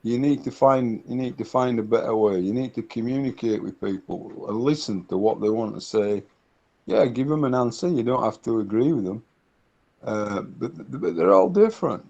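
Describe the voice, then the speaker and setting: Middle-aged man, gravelly, anecdotal interviewee; dull lo-fi sound. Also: mid-range voice, normal speed, a little mellow. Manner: anecdotal, repeats words while searching. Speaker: interviewee, consultant. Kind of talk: casual interview talk. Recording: dull lo-fi recording.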